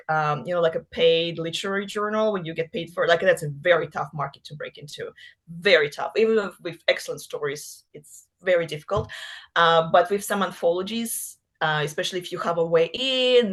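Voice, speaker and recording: Woman guest from Russia, conversational and giggly, mid-pitched, full of fillers. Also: a bit bright. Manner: chatty, laughs often, many fillers. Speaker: author guest. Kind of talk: casual interview chat.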